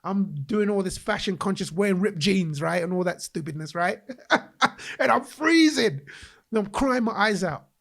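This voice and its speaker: An Englishman appears as a podcast guest, recounting a personal story at a normal pace. His voice is slightly high with a gravelly edge, and he tells it with animation, slipping into the voices of the people he quotes.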